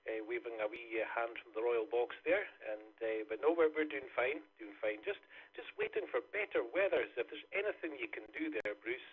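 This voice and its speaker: Casting: Scottish man, husky, careful and unhurried, heard through a thin radio channel. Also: mid-range voice, expressive. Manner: deliberately slowed, careful delivery. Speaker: amateur radio operator checking in. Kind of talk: casual radio chat. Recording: tinny radio transmission.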